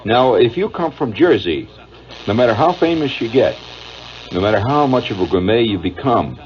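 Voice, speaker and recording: A man's voice: mid-range voice, lively intonation, normal speed. A middle-aged man with a Midwestern American accent, a radio host telling a wry, digressive monologue full of uhs. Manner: wry, digressive, chuckling storyteller with many uhs. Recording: dull lo-fi old radio broadcast with faint hiss.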